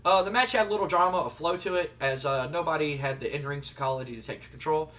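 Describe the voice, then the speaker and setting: A man narrates a game session in a loose, rambling, conversational way. His voice is high and bright, and sounds set back from the mic. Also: quick pace. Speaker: let's player. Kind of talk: casual game commentary. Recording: distant from the mic.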